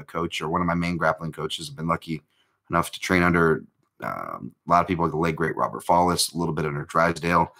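A man with a very low voice and a bright, forceful edge hosts a live martial-arts chat. He rambles casually, stops and restarts himself, and pokes fun at himself between points. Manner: rambling, self-interrupting, lots of fillers; joking, self-deprecating. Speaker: host of a live MMA chat.

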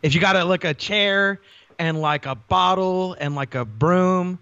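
A man's voice: high-pitched, measured pace, pushed and bright, clean tone, lo-fi sound. A man co-hosting a podcast, talking in slangy casual banter, swearing and calling his partner bro. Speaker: guest co-host. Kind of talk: casual chat.

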